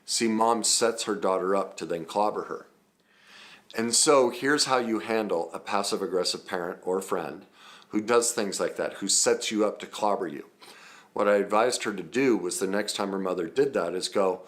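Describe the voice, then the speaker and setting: Earnest man with a lowish voice. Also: moderate pace. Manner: conversational and earnest, with frequent ums and self-corrections. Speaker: trauma recovery coach. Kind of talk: teaching talk with personal stories.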